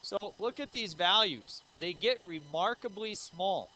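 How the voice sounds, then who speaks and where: Bright-voiced man teaching algebra. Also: sits high, animated, unhurried, poor audio. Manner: explains step by step, asks the class questions; says 'uh' and 'um' often. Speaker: math teacher. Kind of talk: recorded math lecture.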